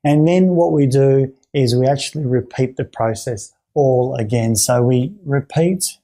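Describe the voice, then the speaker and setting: A man teaching clinicians how to run a therapy exercise, his voice warm and a touch husky. He talks in a halting way, circling back over words and restarting sentences as he explains. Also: medium pitch. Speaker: therapy trainer.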